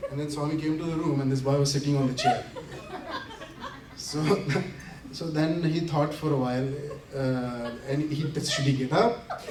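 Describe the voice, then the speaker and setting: An invited speaker at a community center tells an audience anecdotes, animated and laughing often as he acts out quotes. His voice is fairly high at a normal speed, with crowd noise, recorded from a distance in a roomy hall with faint ambience.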